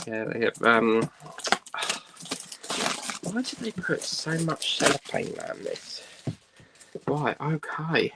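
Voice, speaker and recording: A man hosts a relaxed unboxing vlog, talking unhurriedly in a gravelly voice. He thinks aloud as he goes, with plenty of "right" and "um". The home recording is noisy, with clicks behind him. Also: medium pitch, takes it slowly, long pauses. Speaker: host.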